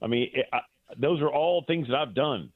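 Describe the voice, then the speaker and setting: A middle-aged man calls in as a guest broadcaster and tells a long, heartfelt story. He rambles, restarts and fills gaps with "uh" at a mid pitch. His voice comes through a thin, tinny phone line with a dry sound and no room around it. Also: normal speed, no room sound. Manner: rambling, full of fillers and restarts.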